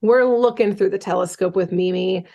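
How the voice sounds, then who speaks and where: A podcast host chats casually as she retells a cartoon episode, her middle-pitched voice creaky and the recording muffled. She talks at a normal speed, loose and relaxed, packing in fillers like "um" and "like" along with offhand swearing.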